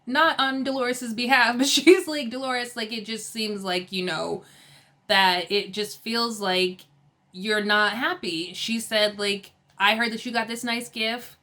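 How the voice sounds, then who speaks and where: A woman recapping a reality TV episode in a chatty, casual way, laughing often and quoting the cast in quick asides. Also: a little high, fairly even intonation, sharp tone.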